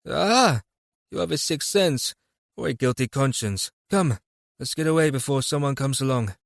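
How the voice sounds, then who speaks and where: A man reading an audiobook, voicing a fat foreign rogue who talks softly and wryly. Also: medium pitch, lively intonation, normal speed, vocal fry, dry recording, studio quality, voice pushed up. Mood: sly. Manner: soft, wry.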